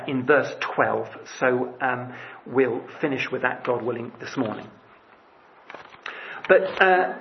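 A male preacher gives a sermon in a loose, conversational manner, circling back with restarts and asides. His voice sits a little high for a man. The church recording sounds dull and lo-fi, with a faint hiss underneath.

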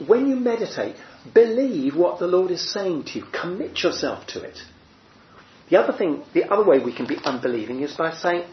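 A man's voice: high voice, lively intonation, a little fast, slight background noise. A man teaching a small group in a chatty way, full of fillers and restarts, asking his listeners questions. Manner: conversational, many fillers and restarts, asks the room questions. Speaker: preacher. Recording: muffled roomy recording.

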